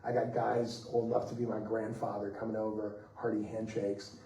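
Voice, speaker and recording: Animated man telling panel stories, roomy. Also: on the low side, moderate pace, distant mic, slight background noise. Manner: animated, acts out quoted voices, laughs mid-story. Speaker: comics writer on a festival panel. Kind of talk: anecdotal storytelling on a panel. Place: festival panel room. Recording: roomy echo, voice off-mic.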